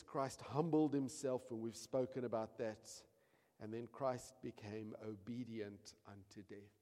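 A man preaching a sermon, swinging between quiet asides and loud, emphatic shouting. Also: medium pitch. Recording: long reverb of a large hall.

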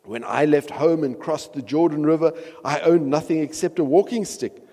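A man's voice: fairly high pitch, moderate pace, dark tone, big-room sound, pitched above the performer's own voice. A man voicing a frightened man who prays earnestly and with strong emphasis. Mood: pleading. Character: frightened man pleading with God.

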